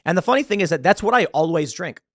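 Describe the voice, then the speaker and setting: Animated ranting American man. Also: on the high side, quick pace, no echo, clean studio sound. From United States. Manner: ranting, animated, laughs mid-sentence. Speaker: political commentary host. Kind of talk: casual commentary.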